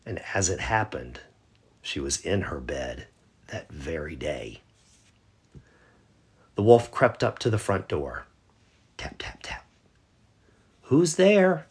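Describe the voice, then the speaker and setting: A man narrating a bedtime story in a gentle, measured way. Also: a bass voice, sing-song, husky.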